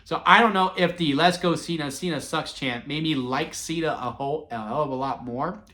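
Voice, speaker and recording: A man in his twenties telling wrestling memories in a casual, sentimental vlog, excitable and full of fillers and restarts. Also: on the high side, moderate pace. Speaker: wrestling vlogger. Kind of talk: casual rambling storytelling.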